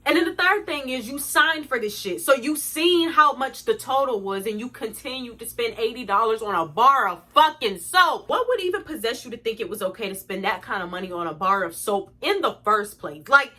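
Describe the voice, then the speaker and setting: A woman's voice: on the high side, expressive, brisk, few pauses, bright, forceful tone. A young woman telling a storytime to her viewers, blunt, profane and indignant as she rants. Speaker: vlogger. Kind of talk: storytime rant.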